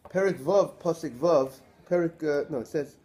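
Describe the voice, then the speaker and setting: A man, a rabbi, giving a Torah class lecture in an animated way, posing rhetorical questions to his listeners. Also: fairly high pitch, moderate pace.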